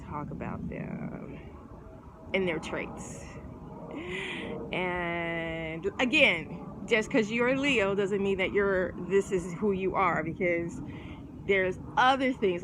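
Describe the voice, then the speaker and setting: A woman's voice: lowish voice, background noise. Chatty rambling woman vlogger. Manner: rambling, chatty, full of fillers and restarts. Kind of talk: casual chat to camera.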